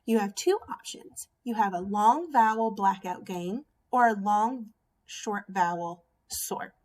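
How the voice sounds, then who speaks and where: A woman teaching a phonics lesson to young children, sounding out each vowel slowly and clearly. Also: medium pitch, lively intonation, darkish tone. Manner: slow, drawn-out sounding out of vowels. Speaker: first grade teacher.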